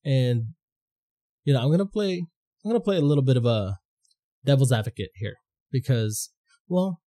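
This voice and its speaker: Man, podcast host, mellow dark voice, rambling, profane, casual monologue. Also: mid-range voice.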